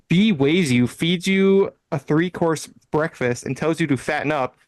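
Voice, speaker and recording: A man's voice: fairly high pitch, slow, no echo, low-quality recording. A man co-hosting a casual podcast, reading website text aloud with playful emphasis and frequent laughter. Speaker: podcast co-host.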